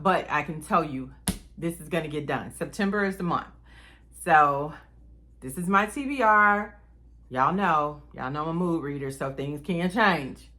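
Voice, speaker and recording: A woman's voice: on the low side, fairly bright tone. A young woman, chatting to camera about her reading plans in a casual, enthusiastic way. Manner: chatty, enthusiastic, addresses viewers as y'all. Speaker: book vlogger.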